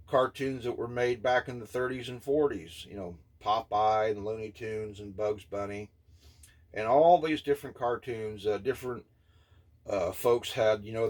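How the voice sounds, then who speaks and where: A man in his fifties giving an indignant, scornful opinion rant, blunt and halting, with many filler pauses. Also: fairly low pitch. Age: 50s. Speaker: vlogger.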